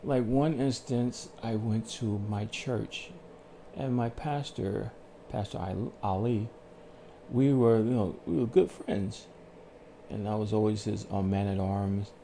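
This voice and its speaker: A man calmly telling his life story on his own channel, in a soothing, unhurried way with pauses. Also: on the low side, a little hiss or hum. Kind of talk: slow reflective storytelling.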